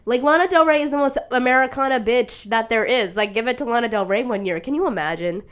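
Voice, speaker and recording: A young woman hosting a casual solo talk show, swearing freely and getting emotional, laughing through tears and turning loud and shrill as she gets carried away. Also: quick pace, clear, resonant tone. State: sick, tearful. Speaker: podcast host. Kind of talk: casual monologue.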